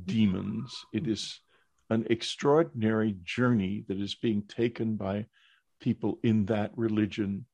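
An older man hosting an interview podcast, speaking in a measured, earnest way. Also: lowish voice, gravelly, darkish tone, dry recording. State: hiccups. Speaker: podcast host.

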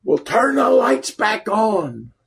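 A man putting on a shrill scolding mother. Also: very animated, slow pace, gravelly, slightly rough, full character voice. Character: scolding mother of the house, exasperated.

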